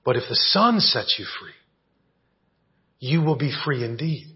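Husky-voiced pastor preaching a sermon. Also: male voice, mid-range voice, lively intonation, measured pace. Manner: conversational preaching, often asks "right?". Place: church sanctuary. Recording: dull lo-fi church audio recording.

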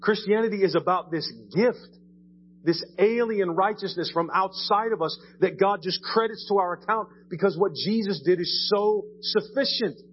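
A man's voice: high voice, moderate pace, slightly rough, lo-fi sound. A man preaching a sermon in a church in a conversational way, often asking "right?" and repeating his words. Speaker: pastor. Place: church sanctuary.

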